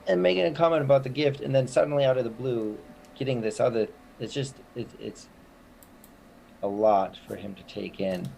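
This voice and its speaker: A man's voice: medium pitch, normal speed, gravelly, a little mellow, slight background noise, poor audio. A man playing a tabletop role-playing game, speaking in character and narrating his actions. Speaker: tabletop player.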